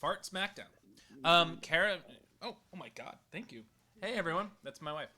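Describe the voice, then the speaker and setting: A man's voice: fairly high pitch, expressive, moderate pace, bright, forceful tone. A man hosting a casual livestream chat, rambling with lots of stammered restarts. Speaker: host.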